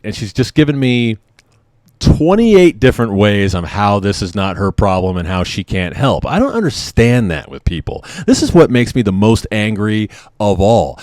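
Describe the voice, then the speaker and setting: A man's voice: on the low side, a little mellow, no room sound, studio quality. A man in his thirties, a service member, venting in a confessional vlog in an emotional, agitated and profane way. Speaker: military member vlogger.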